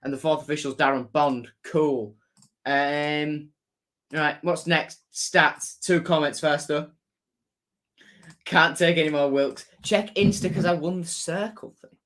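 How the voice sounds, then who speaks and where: A man's voice: on the high side, steady tone, measured pace, fairly bright tone. A young man hosting a casual football livestream, chatting and reading out viewer comments with jokey asides. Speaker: football fan livestream host.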